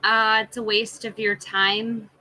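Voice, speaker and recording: Slow-talking bright-voiced woman reading tarot. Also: fairly high pitch, little pitch movement, poor audio. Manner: unhurried, listing card meanings and greeting chat viewers. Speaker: tarot reader hosting a live stream. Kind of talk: live stream tarot reading, casual chat with viewers.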